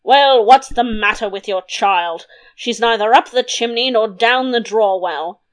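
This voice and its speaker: A woman voicing a grumpy, pompous king who blusters and bickers, in a slightly lower version of her own voice. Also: unhurried, close to an everyday voice. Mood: grumbling, bickering. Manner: gruff, blustering. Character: grumpy, pompous middle-aged king who hates puns.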